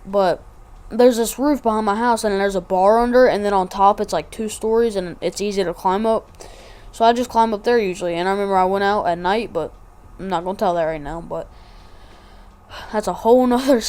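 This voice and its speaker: A woman's voice: mid-range voice, darkish tone. A woman vlogger telling a casual story, rambling and slangy with lots of asides.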